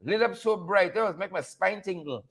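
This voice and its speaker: Guyanese guy going off on a live stream, high voice, sarcastic and preachy. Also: lively intonation, normal speed, husky. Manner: fired-up, sarcastic, preachy ranting. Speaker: livestream host. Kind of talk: live-stream commentary and rant.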